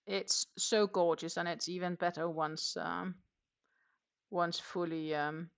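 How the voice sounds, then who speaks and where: A woman with a lowish voice and steady tone takes her time as she hosts a live crochet stream. She chats casually and rambles a bit, answering viewer comments while she crochets.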